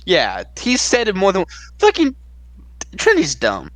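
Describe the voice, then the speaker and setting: A man with a high, bright voice that swings widely in pitch trades blunt, sarcastic jabs during a late-night movie review. He swears freely and sounds unimpressed with the film. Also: huge pitch swings, unhurried, no echo.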